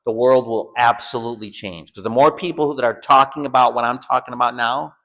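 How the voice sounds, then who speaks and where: An American man at a medium pitch, teaching an informal lesson. He tells a personal story with lots of energy, repeats himself, restarts and jumps up loudly when he acts out the people in it. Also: a little fast. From United States. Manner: animated storyteller, acts out shouted quotes. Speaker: home school teacher.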